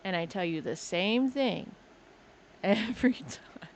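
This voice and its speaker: A woman's voice: mid-range voice, expressive, slow. Female streamer, casual and playful, doting tone with her pet, desk mic, faint noise floor. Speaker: game streamer. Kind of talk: casual live-stream chat. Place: home desk indoors. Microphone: desk microphone.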